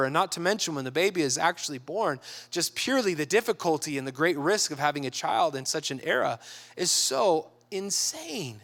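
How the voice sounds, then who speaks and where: A man giving a sermon who talks casually and acts out quoted people with lively shifts in voice. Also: on the high side. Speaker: pastor.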